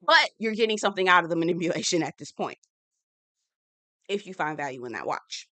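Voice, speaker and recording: A young woman giving a sassy, animated casual recap of a reality TV episode. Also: fairly low pitch, brisk, no room sound. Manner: sassy, animated, acts out quoted lines. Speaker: TV recap reviewer.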